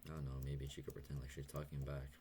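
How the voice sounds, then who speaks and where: Very deep-voiced young man, hesitant. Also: monotone, fast, noisy background. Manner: soft, hesitant, stuttering. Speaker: vlogger. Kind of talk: confessional late-night vlog over gameplay.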